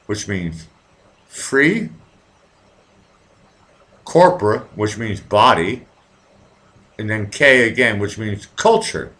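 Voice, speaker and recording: A man's voice: mid-range voice, big pitch swings, slow pace, a bit bright. Rambling, profane man on a livestream. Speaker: livestream host. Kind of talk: casual livestream chat with viewers, drinking. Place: at home in Vienna.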